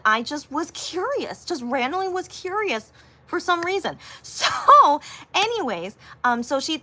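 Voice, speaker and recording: A woman chatting casually to her viewers, rambling through a story with lots of fillers and restarts, and acting out quotes in a higher voice. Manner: animated, acts out quotes in a higher voice. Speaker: livestreamer.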